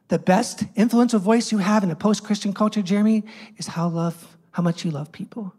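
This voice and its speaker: A man's voice: sits high, darkish tone. A man in his thirties, a youth pastor, preaching a sermon in a conversational, joking storytelling way.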